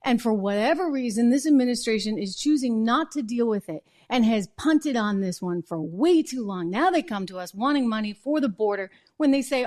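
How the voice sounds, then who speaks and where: A woman's voice: fairly high pitch, lively intonation, brisk, few pauses, a little mellow. A woman from New Hampshire hosting an opinion show, indignant and full of rhetorical questions. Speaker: host.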